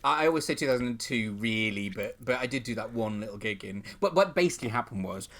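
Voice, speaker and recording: A man's voice: medium pitch, expressive, fast talker, a bit bright. An older man, a guest comedian, chatting on a podcast with wry, self-deprecating, theatrical storytelling. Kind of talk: casual podcast conversation.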